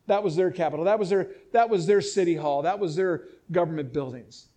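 A man's voice: high-pitched, brisk, dark tone. A middle-aged man preaching a sermon, explaining scripture with emphatic, impassioned delivery and frequent restarts. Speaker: pastor.

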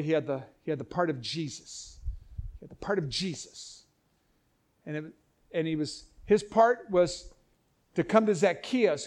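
A man teaching a Bible passage in a conversational sermon, animated and acting out the voices, often breaking off and restarting. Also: fairly high pitch.

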